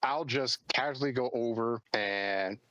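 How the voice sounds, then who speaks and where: A man's voice: medium pitch, measured pace, sharp tone, clean tone, no room sound, dull audio. A man playing a tabletop game, talking casually and hesitantly. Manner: hesitant, stop-start speech. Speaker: player.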